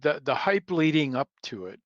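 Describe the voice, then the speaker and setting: A man's voice: a little high, big pitch swings, moderate pace, no room sound. A man on a video chat telling a self-deprecating story about his first talk. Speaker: guest clinician. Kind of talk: casual anecdote on a video call. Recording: dull lo-fi call audio.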